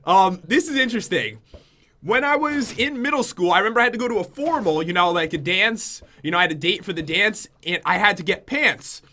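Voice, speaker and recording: A man's voice: high voice, animated, a little fast, sharp tone, slight background noise. A young man from Connecticut chatting to his viewers in a self-mocking YouTube vlog. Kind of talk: casual vlog confession.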